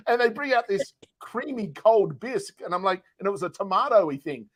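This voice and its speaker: An Australian man with a high-pitched voice co-hosts a relaxed podcast chat. He tells stories in a playful, joking way and keeps the talk light. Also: moderate pace, hardly any pauses, dry recording. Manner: jokey, playful storyteller. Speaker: podcast co-host. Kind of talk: casual interview chat.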